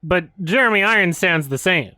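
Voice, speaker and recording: A man's voice: sits high, expressive, moderate pace, sharp tone. A male commentator giving a casual, profane and sarcastic critique of a film, sounding exasperated. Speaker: video commentator.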